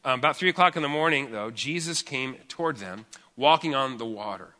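A man's voice: mid-range voice, animated, brisk, sharp tone, in a large hall. A man preaching a sermon as pastor, talking in a conversational, joking way and often restarting his sentences.

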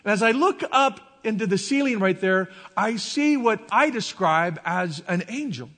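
Pastor, male, high bright voice, halting and emotional testimony in a reverberant hall. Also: expressive. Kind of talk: sermon testimony.

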